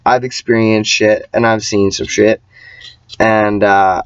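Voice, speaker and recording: A man's voice: fairly low pitch, little pitch movement, takes it slowly, clean tone, no room sound. A man ranting in a casual vlog monologue, emphatic and profane, rambling with many restarts. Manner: often mimics other people's voices. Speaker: vlogger. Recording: dull lo-fi sound, dry.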